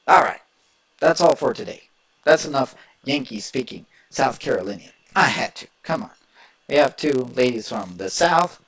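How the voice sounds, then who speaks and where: A man's voice: medium pitch, expressive, normal speed, vocal fry, a bit bright, breathy edge. A man from Indiana hosting his own political reaction video, talking in an emphatic, rambling and opinionated way. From Indiana, USA. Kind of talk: reaction commentary.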